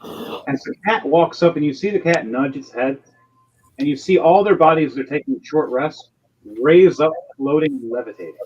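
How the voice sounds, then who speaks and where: A man's voice: a little high, moderate pace, a little mellow. A man narrating as game master in a tabletop game, rambling and hesitant, with lo-fi stream audio. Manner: rambling, hesitant, lots of fillers and restarts.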